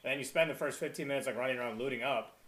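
A man's voice: medium pitch, racing, fairly bright tone. A man hosting a casual podcast, rambling with lots of fillers and casual swearing. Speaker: podcast host.

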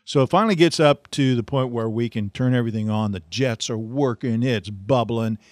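A middle-aged man hosting a podcast, telling a funny story in a casual, animated way and laughing often. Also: medium pitch, moderate pace, dry recording. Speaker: podcast host.

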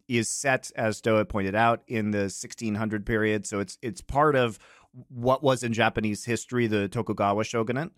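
A man's voice: fairly low pitch, no echo, studio quality. A man hosting a podcast, chatting casually and explaining with enthusiasm. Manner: enthusiastic, explanatory, many fillers. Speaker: podcast host.

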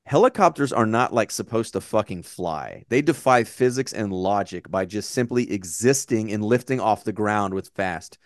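Podcast co-host, American man in his forties, lively swooping delivery, swears freely, dry close sound. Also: on the low side, normal speed, few pauses, dry recording. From United States. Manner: animated, swearing, rambling tangents. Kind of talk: casual chat.

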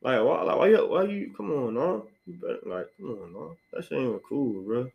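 A man's voice: mid-range voice, big pitch swings, a little fast, vocal fry, highs cut off. Slangy, rambling young man hosting a podcast. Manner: slangy, rambling, repeats himself. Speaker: podcast host. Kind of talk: casual solo podcast rant.

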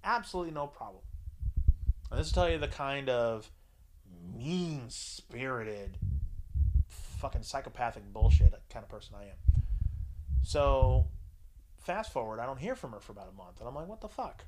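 A man's voice: lively intonation, moderate pace, long pauses, darkish tone, slight background noise, low-quality recording. A man in his forties telling a crude personal story in casual chat, swearing freely. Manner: crude, swears freely, mimics others in higher voices. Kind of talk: casual profane anecdote.

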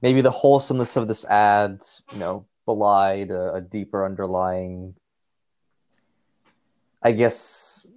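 A man's voice: lowish voice, fairly even intonation, measured pace, pauses often, darkish tone. A man co-hosting a casual podcast chat, trading dry, sarcastic jokes about ads. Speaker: podcast co-host.

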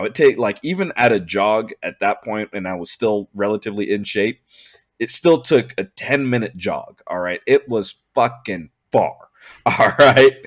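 A young man telling a long comic story in casual chat, animated and exasperated, swearing and laughing as he goes. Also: fairly low pitch.

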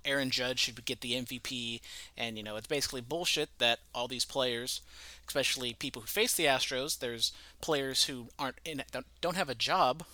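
A man's voice: mid-range voice, bright, forceful tone, dry recording. A man co-hosting a casual sports podcast, rambling and profane as he breaks down a scandal. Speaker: podcast co-host.

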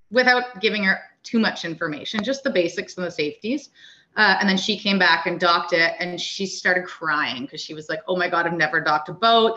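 A woman with a bright, forceful voice, somewhat lower-pitched, recounts a story in casual podcast talk. She animates each quoted person as she goes. The sound is dull and lo-fi. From Canada. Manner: animated, acts out quoted dialogue. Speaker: guest, wakeboard coach.

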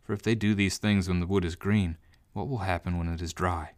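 A man voicing Jesus in a scripture reading, with a measured, grave delivery. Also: low-pitched, steady tone, no echo, studio quality. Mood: solemn. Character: Jesus, calm grown man, steady and solemn.

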